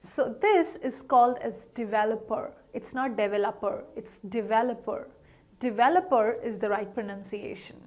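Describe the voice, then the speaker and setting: A woman gives an online pronunciation lesson in a high, bright-toned voice. She is upbeat, keeps asking her viewers questions, and says each word slowly and more than once. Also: lively intonation. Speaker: English pronunciation teacher.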